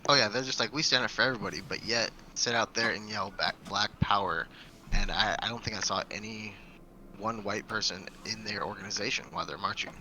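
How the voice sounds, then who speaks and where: A man co-hosting a casual podcast, telling loose, rambling stories in a very bright, sharp-edged voice. A faint hiss of noise sits behind him. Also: on the low side, a little fast. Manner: rambling, laid-back storyteller. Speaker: podcast co-host. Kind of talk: casual chat.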